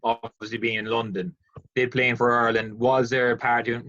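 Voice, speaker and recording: Brief: male co-host, mid-pitched, casual questioner; muffled video-call audio. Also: little pitch movement, fairly quick, a bit bright. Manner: loose, conversational questioning.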